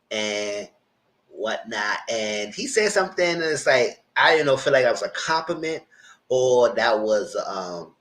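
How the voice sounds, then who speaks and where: A man with a medium-pitched, somewhat bright voice is heard on a low-quality recording. He hosts a live TV review, recapping episodes casually and ramblingly while slipping into character voices.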